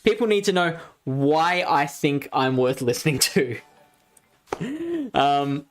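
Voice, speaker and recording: On a live game stream, an Australian host speaks slowly in an animated, rather high voice. He's chatty and casual with viewers, reads their comments, thinks aloud while playing, and jokes at his own expense.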